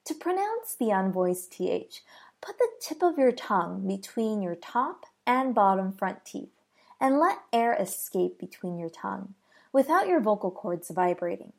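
A woman with an American accent teaching pronunciation, speaking very deliberately and repeating each example word three times. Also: medium pitch, sing-song, creaky, a little mellow. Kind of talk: slow, careful pronunciation lesson.

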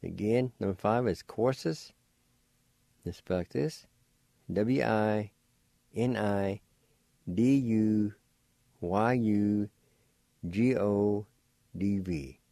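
A man with a fairly low, mellow voice leads a radio language lesson. He speaks very slowly and deliberately, breaking each word into syllables. The sound is close and dry, as from a studio. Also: no room sound. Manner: slow, careful, spells and sounds out words syllable by syllable. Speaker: radio host teaching Cherokee words.

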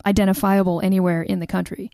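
A woman's voice: medium pitch, little pitch movement, quick pace, creaky, dark tone. A woman interviewing a guest, asking curious, chatty questions. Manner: curious, chatty, self-described nerdy.

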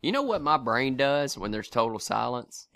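A man co-hosting a podcast, joking and telling animated stories in casual chat. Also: mid-range voice, normal speed, creaky, no room sound. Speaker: podcast co-host.

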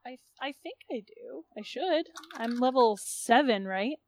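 A woman's voice: fairly high pitch, lively intonation, a little slow. A woman player in a tabletop game, talking casually and a little hesitantly.

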